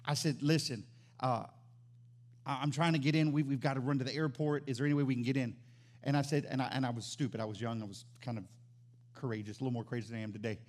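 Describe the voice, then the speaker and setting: A man preaching as pastor, animated, swinging from loud exclamations to quiet emphatic lines. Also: medium pitch, fast. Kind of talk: sermon.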